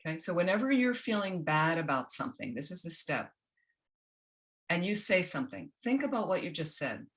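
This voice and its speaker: Low-voiced woman teaching a meditation workshop. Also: sing-song, fairly quick. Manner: gentle, keeps checking in with "okay?".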